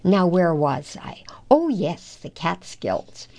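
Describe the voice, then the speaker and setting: A woman's voice: fairly low pitch, big pitch swings, slow, vocal fry, dark tone, exaggerated voice. A woman putting on a tender old widow. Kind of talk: storybook read-aloud.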